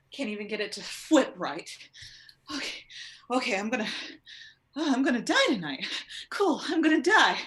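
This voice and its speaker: A woman's voice: on the high side, fairly bright tone. A woman playing a nervous young male superhero in college, rambling in a panic over a video call.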